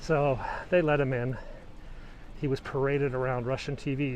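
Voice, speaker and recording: A middle-aged man vlogs while walking a snowy city street, filming on a handheld camera and giving rambling, anecdotal walking-tour commentary. His medium-pitched voice is a little mellow at a moderate pace, and the low-quality recording has slight background noise.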